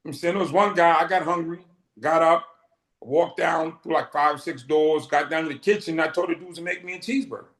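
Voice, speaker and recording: A man's voice: on the high side, brisk, fairly bright tone. Middle-aged man from Boston, roomy echo. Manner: vivid storyteller who acts out quoted dialogue. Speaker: interview guest. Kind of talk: casual storytelling in an interview.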